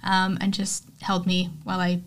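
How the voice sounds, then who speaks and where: A woman's voice: on the low side, monotone, normal speed, a bit bright. Candid young woman recapping a film. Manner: chatty, candid, heartfelt, with frequent "um" and "like". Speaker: podcast host. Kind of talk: casual film recap podcast.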